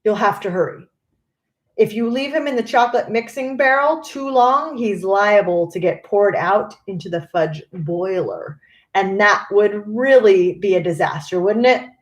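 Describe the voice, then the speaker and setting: A woman's voice: medium pitch, a little slow, echoey room, natural voice. A woman voicing an eccentric, theatrical male chocolate maker with breezy reassurance. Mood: whimsical.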